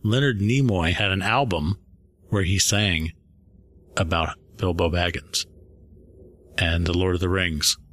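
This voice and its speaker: A man's voice: low-pitched, measured pace, pauses often, a bit bright. A man co-hosting a podcast in casual chat, laid-back and laughing often. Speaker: podcast co-host.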